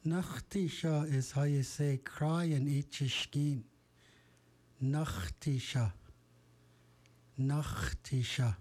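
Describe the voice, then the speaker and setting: Man, warm mellow tone, slow, repeats words for learners. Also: fairly high pitch, fairly even intonation. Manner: slow, repeating each word. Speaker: language teacher. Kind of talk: word pronunciation lesson.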